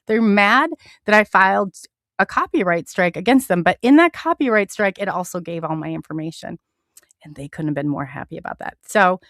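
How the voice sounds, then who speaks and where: A woman's voice: on the low side, lively intonation, fairly quick, fairly bright tone, no room sound, clean studio sound. A woman hosting a live online radio show, talking in an impassioned, earnest way with many restarts.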